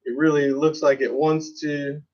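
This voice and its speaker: A man's voice: a little high, level tone, measured pace, darkish tone, lo-fi sound. A man teaching an online drum lesson, chatting casually and counting students through the exercises. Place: drum studio. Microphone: phone camera.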